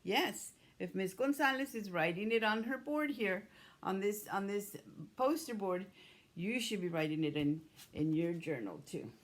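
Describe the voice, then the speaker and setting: A woman teaching a class of young children, speaking slowly and patiently as she sounds out each letter and word. Her voice sits at an ordinary pitch. She drags out each syllable for the kids to copy. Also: lively intonation. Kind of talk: early-grade writing lesson.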